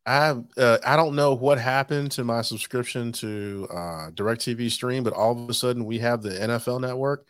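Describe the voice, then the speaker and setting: A man of ordinary pitch chats easily on a podcast, friendly and upbeat. His voice sits close and dry on the mic. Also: normal speed, few pauses, dry recording. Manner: easygoing, upbeat, chatty. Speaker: podcast co-host. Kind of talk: casual chat.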